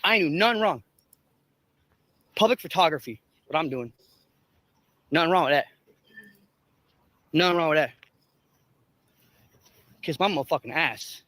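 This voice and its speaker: A man's voice: a little high, animated, unhurried, pauses often, sharp tone, dry recording. A man livestreaming from a public sidewalk, taunting and cursing at people in an aggressive, profane rant. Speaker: street streamer. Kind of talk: confrontational livestream ranting. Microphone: handheld camera.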